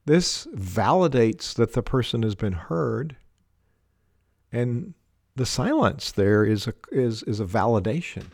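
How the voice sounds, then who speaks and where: A man giving a measured talk on leadership, laying out his points one by one with deliberate emphasis. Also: mid-range voice, very animated, creaky, darkish tone, no echo. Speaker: leadership speaker.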